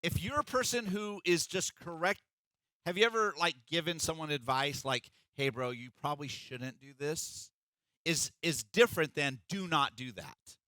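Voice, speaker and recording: A man's voice: a little high, moderate pace, bright, forceful tone, dry recording. A middle-aged man preaching a sermon as pastor, in an emphatic, conversational way.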